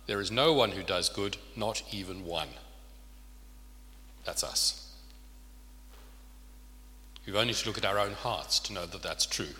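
Speaking a little slowly with long pauses, a man with a lowish voice and sharp tone preaches an earnest sermon. He often asks his listeners rhetorical questions, and the large hall adds long reverb.

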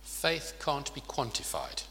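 A man's voice: medium pitch, huge pitch swings, slow, bright, forceful tone, slight background noise. Man preaching in an echoing hall. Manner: earnest, asks the listeners rhetorical questions. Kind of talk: sermon. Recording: long reverb of a large hall.

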